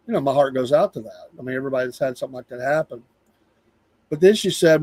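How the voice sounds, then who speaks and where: A man's voice: medium pitch, fairly quick, darkish tone, dry recording. A middle-aged man with a Southern US accent hosting a live show, venting in a casual, rambling monologue and repeating himself for emphasis.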